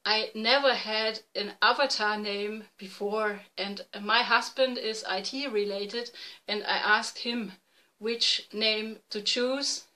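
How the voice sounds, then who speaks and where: A woman in her forties from East Germany with a German accent, hosting a casual podcast in halting, self-correcting English. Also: medium pitch, fairly even intonation, pushed and bright, rough recording. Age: 40s. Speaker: podcast host. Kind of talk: casual video podcast chat. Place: home room, dim light.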